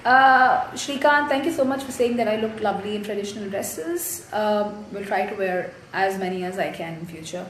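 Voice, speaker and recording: A woman's voice: medium pitch, normal speed, few pauses. A young woman in a casual live chat who reads out fans' comments and answers them in a chatty way. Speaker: actress answering fans. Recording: roomy echo, faint noise.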